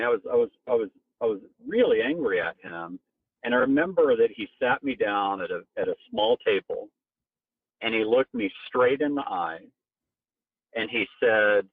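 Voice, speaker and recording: A man being interviewed as a company co-founder, telling a personal story animatedly and jumping up in pitch for emphasis. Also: slightly rough, no echo. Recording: tinny phone-like sound, very dry.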